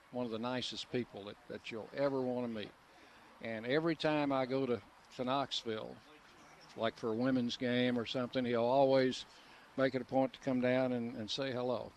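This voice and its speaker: A man's voice: mid-range voice, slight background noise. Older male sportscaster reminiscing easily. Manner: easygoing storyteller, frequent uh fillers and restarts, chuckles. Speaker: longtime sports play-by-play broadcaster, guest. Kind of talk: relaxed reminiscing radio interview. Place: restaurant patio outdoors.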